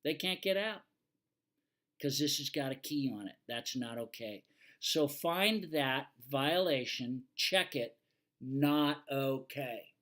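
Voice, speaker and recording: A man's voice: medium pitch, lively intonation, slow pace, fairly bright tone. An older man, a retired fire safety instructor, giving a plainspoken, teasing lecture over slides and firmly repeating his warnings.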